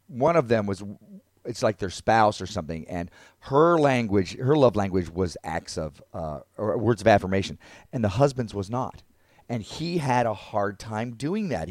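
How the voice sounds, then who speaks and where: A man co-hosting a podcast in casual chat, an animated storyteller who laughs often. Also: medium pitch, no room sound, clean studio sound. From North Carolina. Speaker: podcast co-host.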